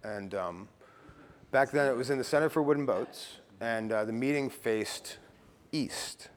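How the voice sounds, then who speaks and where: A man's voice: mid-range voice, measured pace, long reverb tail. Blunt middle-aged man telling his story. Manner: casual and blunt, swears, peppers talk with "you know" and "right". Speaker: speaker sharing at a recovery meeting. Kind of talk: personal recovery story.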